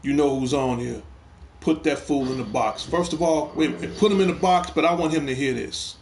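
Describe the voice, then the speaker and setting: A man's voice: a little high, fairly quick, a little hiss or hum. A middle-aged man hosts a gaming talk stream, speaking emphatically and repeating himself while addressing a troll. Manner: emphatic, repeats phrases, heated toward a troll. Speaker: host of a gaming talk show. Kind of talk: casual live stream talk.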